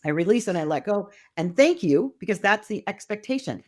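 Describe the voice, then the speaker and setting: A woman's voice: mid-range voice, lively intonation, brisk, darkish tone. A middle-aged woman speaking as a podcast guest, talking casually and with enthusiasm, often acting out quoted voices. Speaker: podcast guest, wealth mentor. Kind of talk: casual conversational interview.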